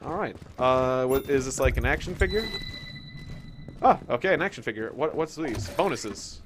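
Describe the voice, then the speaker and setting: Excitable young man playing a game. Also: medium pitch, normal speed, background noise. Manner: excitable, jokey, talks to himself while playing. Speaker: gaming YouTuber. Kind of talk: let's play commentary. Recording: game gunfire loud behind voice. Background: game gunfire and explosions.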